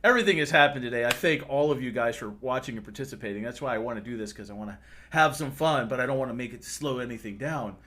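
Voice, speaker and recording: A man narrating as game master for a tabletop game on a livestream, quick and often laughing, with some stumbles. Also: medium pitch, pushed and bright.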